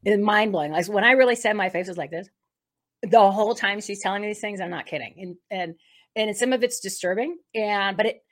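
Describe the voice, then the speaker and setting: A woman co-hosting a faith talk show, opening the episode in a rambling, excitable way with many restarts. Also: medium pitch, fairly quick. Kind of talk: casual spoken introduction.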